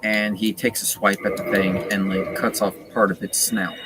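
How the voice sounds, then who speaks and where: A man's voice: on the low side, normal speed, loud music behind the voice, low-quality recording. A man streaming a game in casual chat, retelling a story in a rambling way with many fillers. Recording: loud steady background noise.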